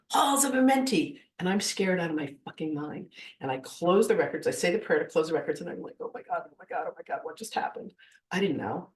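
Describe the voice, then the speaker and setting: Woman, 50s, spiritual teacher giving a class, animated storyteller who voices her quotes, recorded from a distance. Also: low voice. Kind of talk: live masterclass storytelling.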